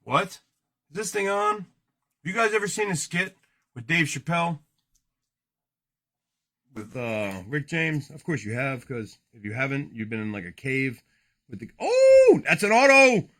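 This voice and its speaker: Rowdy male card-break host, high and lively, bright voice, jokey rambling patter with cursing. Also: measured pace, pauses often. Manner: loud, joking, rambling, swears often. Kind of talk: casual livestream card break.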